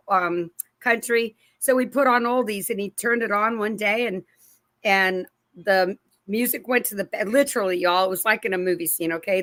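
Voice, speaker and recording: A woman's voice: medium pitch, sharp tone, dry recording. A middle-aged woman hosting her own channel, talking casually and in a rambling way about faith, often acting out the voices she quotes. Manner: rambling, with restarts and asides to viewers. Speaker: channel host. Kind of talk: casual religious commentary to camera.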